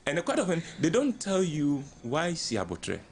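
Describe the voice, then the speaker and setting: Animated older Ghanaian man, lively pitch. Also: moderate pace, a little hiss or hum. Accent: Ghanaian English. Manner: animated storyteller acting out quoted voices, chuckling often. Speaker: radio guest speaker. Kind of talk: relaxed counselling talk on a radio show.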